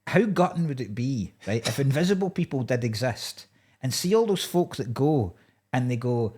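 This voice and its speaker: A man's voice: mid-range voice, sing-song, moderate pace, darkish tone, slightly rough. A man co-hosting a comedy podcast, telling crude, rambling stories and laughing at his own jokes. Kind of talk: casual comedy chat.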